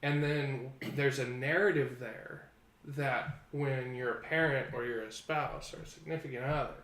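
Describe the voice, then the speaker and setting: A man's voice: mid-range voice, steady tone, normal speed, fairly bright tone. Reflective male guest therapist, echoey room. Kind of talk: casual panel chat. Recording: roomy studio with faint background noise.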